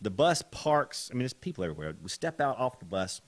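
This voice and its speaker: Guy hosting a podcast, telling a story, animated and laughing, trips over words a bit. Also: medium pitch, brisk, dry recording. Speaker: podcast host. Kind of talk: casual storytelling.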